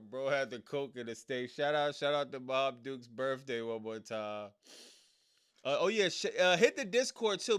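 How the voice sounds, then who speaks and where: A man streaming a casual reaction chat, slangy and rambling, and working himself up into loud, incredulous rants. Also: mid-range voice, clean tone. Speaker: streamer reacting to a wrestling show.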